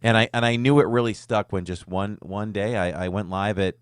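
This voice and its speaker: A man hosting a live podcast, chatting casually and signing off in an upbeat, animated way. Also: lowish voice, brisk, clear, resonant tone, no echo. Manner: upbeat, animated sign-offs. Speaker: podcast host.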